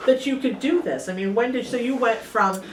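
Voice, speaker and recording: Female talk host, mid-pitched voice, echoey and distant, faint hiss. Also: fairly quick. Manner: laughs often, asks searching questions. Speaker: radio talk show host. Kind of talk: interview questions. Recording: roomy, distant radio studio sound with faint noise.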